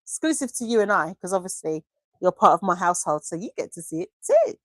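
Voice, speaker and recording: A woman's voice: lowish voice, big pitch swings, quick pace, dry recording, studio quality. A woman hosting a live craft stream, chatting casually and gushing affectionately as she reads viewer comments aloud into a desk microphone. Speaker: craft livestream host.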